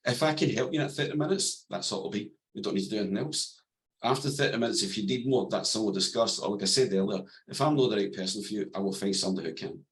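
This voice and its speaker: Man, lowish voice, calm, plain-spoken, podcast guest, coaching talk. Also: fast talker, rough recording. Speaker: guest, NLP coach and therapist. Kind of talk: podcast interview, explaining and storytelling.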